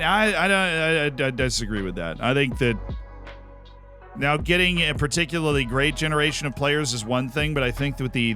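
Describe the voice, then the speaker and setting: Bright-voiced American man chatting on stream. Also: medium pitch. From United States. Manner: animated and talkative, quick restarts and joking replies. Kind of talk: casual live-stream chat, reading out viewer messages.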